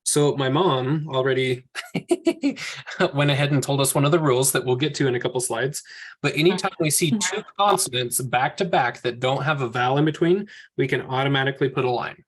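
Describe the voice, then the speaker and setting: A man's voice: mid-range voice, a little fast. A man leads a class through slides in an ordinary, mid-range voice. He works through each example step by step and talks his reasoning through aloud. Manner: patient step-by-step explaining, thinking aloud. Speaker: teacher. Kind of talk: classroom teaching over slides.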